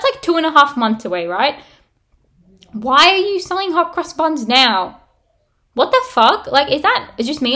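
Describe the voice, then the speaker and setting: A woman's voice: high-pitched, a bit bright. A young woman hosting her own podcast, ranting bluntly in a casual, sweary way full of "like". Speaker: podcast host. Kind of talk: casual solo podcast rant.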